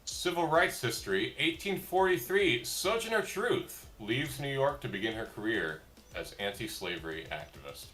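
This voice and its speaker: A man's voice: medium pitch, very animated, moderate pace, bright, forceful tone. A man co-hosting a casual group chat, reading history dates with dry joking asides. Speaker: co-host.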